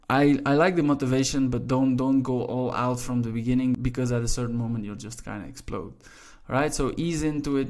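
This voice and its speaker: A man's voice: mid-range voice, a little mellow. Chatty man giving a language lesson. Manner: chatty, many "you know" fillers. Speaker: Dutch language tutor. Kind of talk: casual online language lesson.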